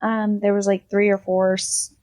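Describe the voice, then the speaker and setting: A woman's voice: medium pitch, normal speed, dry recording, rough recording. A woman hosting a casual book review podcast, rambling with lots of "um" and "like" as she retells the plot. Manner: rambling, full of "um" and "like", animated retelling.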